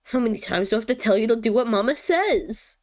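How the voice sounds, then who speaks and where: A woman's voice: on the high side, animated, fast, background noise. A woman doing a stern, scolding mother. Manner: clipped and scolding. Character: stern, harsh young mother.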